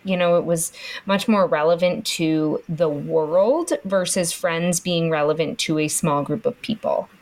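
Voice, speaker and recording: A woman's voice: deep voice, a little slow. A young woman co-hosting a podcast, telling everyday stories animatedly and often laughing as she talks. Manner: animated storytelling, laughs through it. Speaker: podcast co-host. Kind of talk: casual chat.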